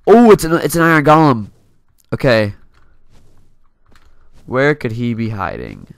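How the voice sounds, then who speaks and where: A man's voice: mid-range voice, wildly swooping pitch, measured pace, creaky, clean tone, dry recording. A young man giving casual gameplay commentary from his computer, playful and laughing often, taunting opponents as he plays. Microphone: desk mic.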